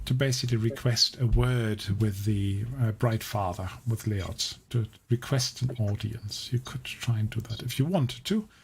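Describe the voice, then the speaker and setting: A man running a tabletop game as game master, explaining scenes in a measured way with frequent restarts. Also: lowish voice, creaky, darkish tone, slight background noise. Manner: measured, explaining, often restarting his sentences.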